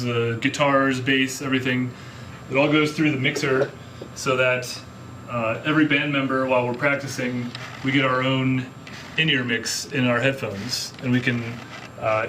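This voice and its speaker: A man who plays bass and engineers his band's sound, giving an easygoing tour of his home studio and rehearsal space. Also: noisy background. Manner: easygoing, explanatory.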